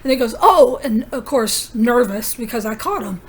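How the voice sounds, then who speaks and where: A woman's voice: on the high side, normal speed. A woman vlogging in a rambling personal monologue, telling her story in an urgent, conspiratorial way with many asides.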